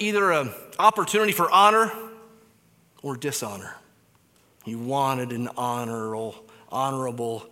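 Bright-voiced preacher in an echoing hall. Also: male voice. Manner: dramatic swings between loud emphasis and hushed low phrases. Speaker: pastor. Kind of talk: sermon. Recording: long hall reverb.

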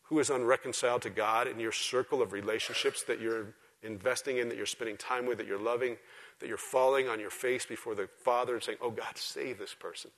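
A man preaching a sermon to a church congregation, swinging from loud, emphatic exhortation to quiet, intimate asides. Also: mid-range voice, steady tone, brisk. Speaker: pastor. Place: church service before a congregation.

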